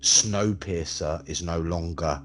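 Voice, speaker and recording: A man with a deep, low voice talks through a TV finale with his co-host. He recaps the plot in an easy, casual way, tripping over his words and slipping into quick little quoted lines for the characters. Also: fairly bright tone. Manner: retells scenes with quick acted quotes, stumbling restarts. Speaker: podcast co-host.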